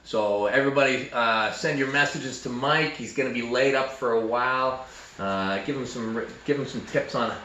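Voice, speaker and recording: Excited Canadian man, echoey room. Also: mid-range voice, normal speed. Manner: animated, rambling, repeats himself. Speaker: arm wrestler and show host. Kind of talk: casual chat. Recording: echoey room with background noise.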